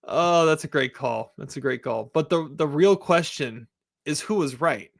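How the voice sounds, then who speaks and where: A man's voice: a little high, lively intonation, measured pace, creaky. A man co-hosting a casual TV review podcast, a teacher who rambles and laughs a lot. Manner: rambling, chatty, laughs often.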